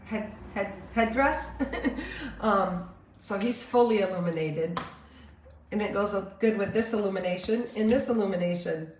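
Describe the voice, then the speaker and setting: Woman, medium pitch, channeler on a live stream; slow and searching, echoey room sound. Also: a little mellow, a little hiss or hum. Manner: slow, searching, meditative delivery with pauses. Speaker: spiritual channeler.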